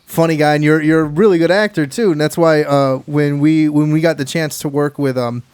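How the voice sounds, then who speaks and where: Man from Hawaii, podcast host, rambling delivery, slightly high voice, dry close sound. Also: steady tone, brisk, a little mellow, smooth, no room sound. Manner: rambling, restarts often. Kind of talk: casual podcast chat.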